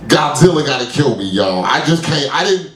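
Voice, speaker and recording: A thirty-something man works an open-mic crowd, his voice fairly high and bouncing all over the place. He talks loose and profane, breaking into sudden shrieking outbursts. The sound is roomy and a little distant, as if picked up by a club mic some way off. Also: big pitch swings, normal speed, fairly bright tone, soft background music. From New York. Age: 30s. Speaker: stand-up comedian. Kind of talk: stand-up comedy set.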